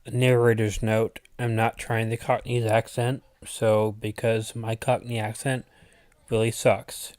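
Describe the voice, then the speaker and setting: Slow, unhurried male storyteller. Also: fairly low pitch, little pitch movement, a little mellow, no echo, studio quality. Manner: unhurried, deliberate reading with asides. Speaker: channel host reading his own story. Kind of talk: storytelling narration.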